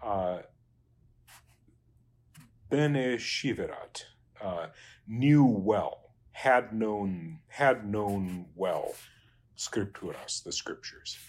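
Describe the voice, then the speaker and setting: Man, Latin teacher, low husky voice, unhurried, halting delivery. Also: animated. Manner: halting, many fillers and restarts, trails off quietly. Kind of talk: working through Latin exercises.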